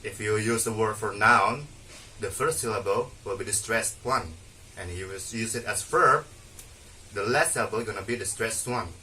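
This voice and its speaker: Bright-voiced young man, a bit hesitant. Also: fairly low pitch, normal speed, far from the mic, a little hiss or hum, low-quality recording. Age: young adult. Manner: hesitant, with restarts and fillers. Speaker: student presenter. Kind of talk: explaining from notes in a class presentation.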